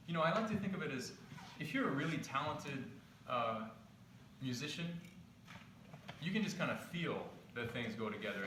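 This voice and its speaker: A man's voice: mid-range voice, a little hiss or hum. Man explaining music theory in echoey room. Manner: explanatory, casual, with rhetorical questions. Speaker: pianist leading a music workshop. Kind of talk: lecture with live demonstration. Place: festival workshop venue. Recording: very echoey, dull sound, loud instrument behind. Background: instrument tones playing.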